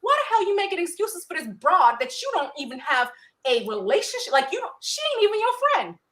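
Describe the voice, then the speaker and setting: A woman's voice: very high-pitched, big pitch swings, brisk, a bit bright, rough recording. A woman co-hosting a podcast with her husband, talking bluntly and heatedly in casual chat. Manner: blunt, heated, plain-spoken. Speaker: podcast co-host.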